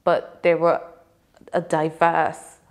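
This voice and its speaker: A woman from England, a teacher, speaking in a thoughtful, measured way in a documentary interview. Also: sits low, completely flat delivery.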